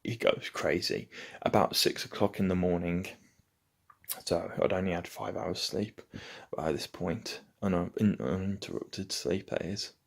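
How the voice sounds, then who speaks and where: A man's voice: deep voice, fairly even intonation, a little slow, creaky. A man casually telling a rambling story to camera from his home. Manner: rambling, loose anecdote-telling. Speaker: vlogger. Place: at home, indoors.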